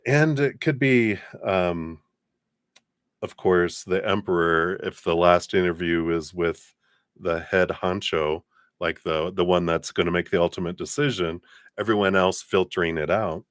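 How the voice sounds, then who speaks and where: Deep-voiced man reading tarot live. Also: a little slow, clean tone, no room sound. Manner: relaxed, chatty, many fillers. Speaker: tarot reader.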